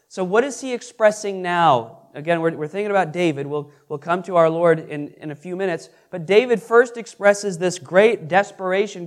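A man's voice: high voice, normal speed, hardly any pauses. A man teaching scripture as a pastor, asking the audience questions and reading verses aloud with earnest emphasis. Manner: earnest, repeats and restarts, reads scripture aloud with rising emphasis. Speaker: pastor teaching a Bible class. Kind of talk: interactive sermon with questions to the audience.

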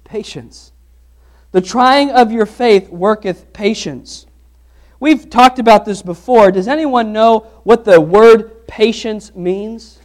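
A man preaching a sermon to a congregation. He talks in a casual, animated way and drifts into personal anecdotes. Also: sits high, slow. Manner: conversational, animated storytelling with restarts. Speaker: pastor.

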